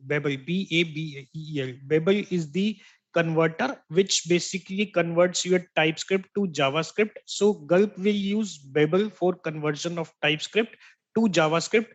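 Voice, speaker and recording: A man teaching an online software training class, explaining step by step, repeating key terms and checking in with "right?" after each point. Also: on the high side, moderate pace. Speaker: software instructor. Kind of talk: online tech training lecture.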